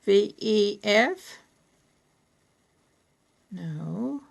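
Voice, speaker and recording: This is a woman patiently working through a letter board, naming each letter and asking whether it's the right one. Her voice carries a gravelly, creaky texture. She talks at a very slow, deliberate pace, with a soft laugh slipping in now and then. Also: mid-range voice, expressive. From Kentucky.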